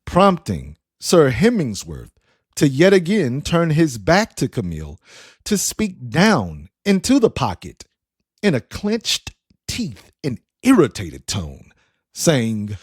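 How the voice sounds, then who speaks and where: Man narrating a story, expressive, slow, animated pitch, dry close sound. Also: husky, no echo. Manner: unhurried, expressive reading.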